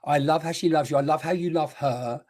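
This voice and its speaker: A man's voice: on the high side, a little fast, a little mellow. A man, giving a live online mediumship reading, chatty and rambling as he passes on messages and talks to viewers. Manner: chatty, rambling, exclaiming, talking to unseen spirits and viewers. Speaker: spiritual medium.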